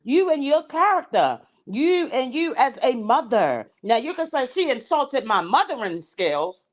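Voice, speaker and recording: Animated woman host dishing gossip. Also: sits high, a little slow. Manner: blunt, animated, slangy and emphatic. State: eating while talking. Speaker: show host. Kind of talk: casual gossip commentary chat.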